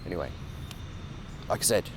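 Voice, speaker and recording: A man's voice: moderate pace, a little hiss or hum. A man vlogging off the cuff, rambling and emphatic, filmed outdoors on a phone held by a companion. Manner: rambling, emphatic free-styling. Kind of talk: off-the-cuff vlog monologue. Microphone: phone camera held by a companion.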